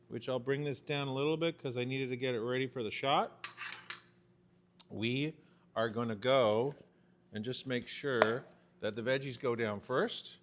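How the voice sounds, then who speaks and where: A man's voice: medium pitch, noisy background. A man in his fifties, a chef giving a chatty, joking cooking demonstration. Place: home-style kitchen. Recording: kitchen clatter of pans and cutlery.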